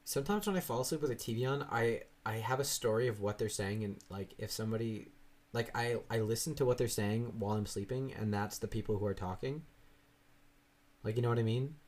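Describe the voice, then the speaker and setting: A man's voice: medium pitch, fairly quick, darkish tone. A young man in casual chat, telling rambling stories full of fillers and swearing. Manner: rambling storytelling, swears a lot, frequent fillers.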